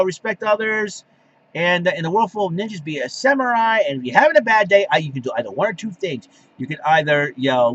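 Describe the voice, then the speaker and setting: A man hosts his own show in a loose, exasperated rant, tripping over his words and starting sentences again. His voice sits on the high side for a man. The recording is dull and lo-fi. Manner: animated, exasperated ranting with many restarts. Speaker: podcast host. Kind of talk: casual solo rant.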